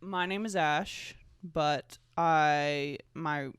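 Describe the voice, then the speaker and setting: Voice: medium pitch, extremely slow, a bit bright, smooth, no room sound, studio quality. Joking, rambling twenty-five-year-old podcaster. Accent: Southern US. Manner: rambling, jokey and profane, with self-mocking asides. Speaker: podcast host. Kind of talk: casual solo podcast chat.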